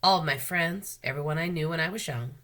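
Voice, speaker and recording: A woman's voice: low-pitched, brisk, a bit bright. A woman voicing a genteel elderly woman librarian who tells stories proudly, drawling and repeating polite phrases for emphasis. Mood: wistful.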